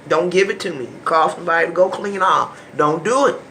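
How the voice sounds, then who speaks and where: A man giving an impassioned monologue to his viewers, pleading and preachy, often sinking to a hushed near-whisper and stumbling over repeated words when emotional. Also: fairly high pitch, fairly quick, slight background noise. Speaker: vlogger.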